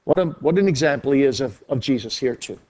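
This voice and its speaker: A man pastor preaching a sermon earnestly, his voice rising and dropping sharply in pitch and loudness. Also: animated, quick pace.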